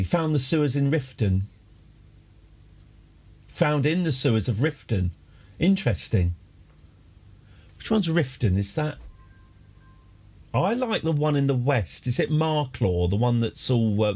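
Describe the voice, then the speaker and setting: A man's voice: medium pitch, vocal fry, a little mellow. A man chatting casually as a game streamer, rambling through tangents with dry jokes. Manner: rambling, tangent-prone, dryly joking. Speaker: livestream gamer host.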